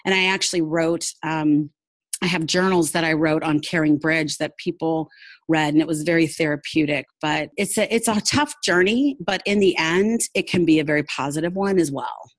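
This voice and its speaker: A woman's voice: deep voice, moderate pace, no echo. A woman talking openly and earnestly as an interview guest, often laughing as she tells her story. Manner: open and heartfelt. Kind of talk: candid personal interview.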